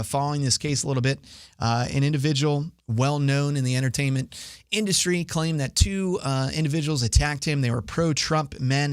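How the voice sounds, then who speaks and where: A man's voice: mid-range voice, no echo, studio quality. A young man hosting his own podcast, giving opinionated solo news commentary with many "uh" fillers. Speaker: podcast host.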